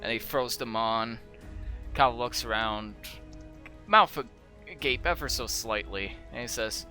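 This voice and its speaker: Bright-voiced male game master. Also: mid-range voice, measured pace, faint music behind. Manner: loose, casual narration with fillers. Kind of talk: narrating a tabletop game.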